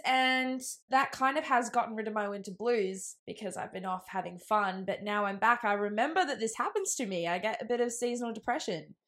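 A woman's voice: medium pitch, fairly bright tone. Young Australian woman podcaster, temporary lisp, chatty and self-deprecating, loose rambling delivery. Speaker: podcast host. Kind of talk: casual solo podcast ramble.

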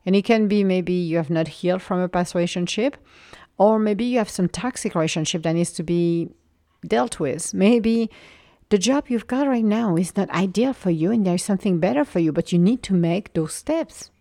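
A low-pitched woman in her forties delivers an inspirational spiritual monologue, her voice carrying a gravelly fry. She sounds earnest and encouraging and sometimes drops into a soft whisper. The recording is close and dry, with no room sound. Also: moderate pace, no echo. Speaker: spiritual motivational speaker.

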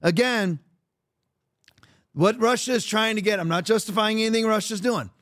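A man with a fairly high voice hosts his own podcast, talking through the news in a blunt, emphatic way. He rambles and restarts his sentences as he argues his point. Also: moderate pace, a bit bright. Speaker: podcast host. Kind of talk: opinionated political commentary.

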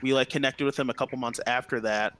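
A man in a band telling stories in a casual interview, excitable and full of "like" fillers. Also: mid-range voice, fast, slight background noise, rough recording. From Ohio. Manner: excitable storyteller, heavy "like" filler, acts out quotes. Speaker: band member guest.

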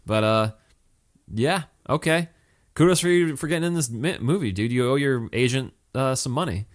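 A man's voice: mid-range voice, lively intonation, moderate pace. Rambling man chatting about a movie. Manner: rambling, many restarts and fillers. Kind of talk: casual movie review chat.

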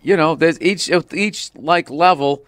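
A man in his forties from the area, telling stories in casual podcast chat as a comedian guest, animated and profane. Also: a little high, measured pace, dry recording. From Boston area. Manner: animated storytelling with put-on voices and profanity.

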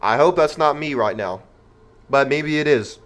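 Man, podcast host, opinionated monologue, emphatic, rhetorical, fairly high voice. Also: animated, moderate pace, fairly bright tone. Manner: emphatic, rhetorical, addresses listeners directly.

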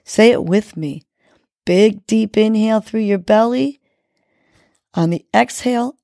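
A woman's voice: medium pitch, a little slow, vocal fry, long pauses, dark tone, dry recording, studio quality. A woman hosting a podcast, guiding a breathing exercise and giving encouraging, coaching words. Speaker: podcast host. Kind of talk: guided breathing and motivational talk.

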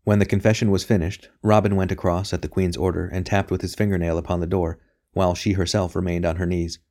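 A man narrating a novel as an audiobook reader, in a steady, even delivery. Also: low voice, quick pace. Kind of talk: scripted narration.

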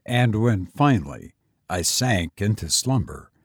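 A man narrating a gothic tale as a dramatic reading, with a solemn, measured delivery. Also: lowish voice, sing-song, husky, no room sound, studio quality.

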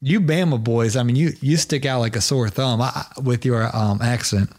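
A man's voice: mid-range voice, normal speed, a little mellow. Teasing, friendly podcast host man. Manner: friendly, teasing, loose with fillers. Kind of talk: casual podcast chat. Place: in Georgia.

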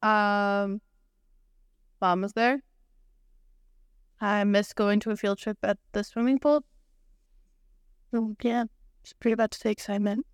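Hesitant young woman, smooth tone. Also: mid-range voice, steady tone, a little slow, long pauses, no echo, studio quality. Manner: hesitant, soft-spoken, many "um"s. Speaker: podcast co-host. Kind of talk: casual chat.

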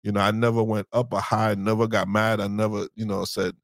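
A man co-hosting a casual podcast chat about marriage, a relaxed storyteller who acts out past conversations. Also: fairly low pitch, a little fast, no echo. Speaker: podcast co-host.

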